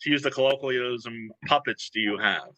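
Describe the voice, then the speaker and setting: A man hosting a talk show, halting and full of fillers as he asks questions. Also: medium pitch, pushed and bright, dry recording, rough recording. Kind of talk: casual talk-show chat.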